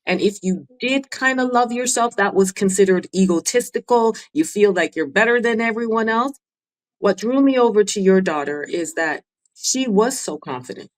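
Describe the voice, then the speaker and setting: A woman's voice: medium pitch, animated, moderate pace, low-quality recording. A woman speaking as a guest and mentor on a podcast, earnestly giving advice in short, repeated phrases. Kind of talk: casual interview chat.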